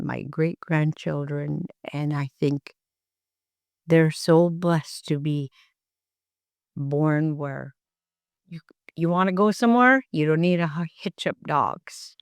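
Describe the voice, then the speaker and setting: Elder woman from Alaska, storyteller, lower voice, unhurried, dry recording. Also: creaky, clean tone, dry recording. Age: older. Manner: slow, gentle storytelling with acted dialogue. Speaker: elder interviewee. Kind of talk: storytelling in an interview.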